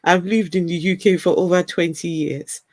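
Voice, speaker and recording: In a dry recording, a woman with a fairly low voice speaks at a moderate pace with fairly even intonation. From Africa, with a mixed African-British accent, she hosts a casual livestream, chattily reading viewers' comments, often repeating words and laughing.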